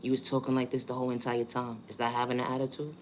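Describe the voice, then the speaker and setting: Talking fast in a mid-range voice with no inflection at all, a New Yorker runs through a vlog monologue, hammering his points through repetition and rhetorical questions. Slight hiss or hum is audible.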